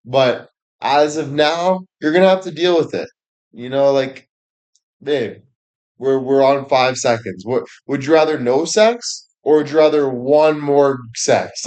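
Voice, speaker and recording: A man's voice: medium pitch, unhurried, a little mellow. Man, crude rambling monologue, heavy swearing, laughs at own jokes, livestream. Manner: profane, rambling, laughs often, fillers like "you know".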